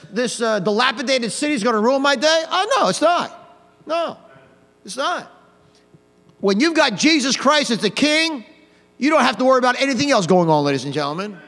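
A man preaching an old-fashioned hellfire sermon, swinging from quiet to loud with mocking asides. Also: extremely high pitch, long reverb tail. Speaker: pastor.

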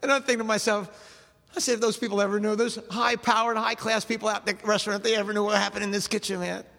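High-voiced storytelling preacher in a hall. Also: male voice, flat delivery, quick pace, gravelly, bright, forceful tone. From South Jersey. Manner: folksy, rambling, punctuated with "amen". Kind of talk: storytelling sermon.

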